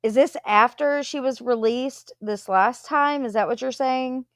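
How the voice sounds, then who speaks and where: A woman's voice: high voice, measured pace, no room sound, clean studio sound. A woman hosting a live stream, chatting casually as she reads viewer comments aloud and answers them.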